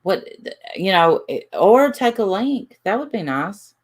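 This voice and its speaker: A woman hosting a casual livestream chat, talking haltingly with many restarts and reading out names from the chat. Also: medium pitch, sing-song. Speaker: livestream host.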